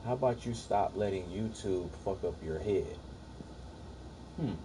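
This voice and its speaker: A man's voice: on the low side, measured pace, background noise. A young man casually livestreaming, arguing with his chat in a profane, dismissive way.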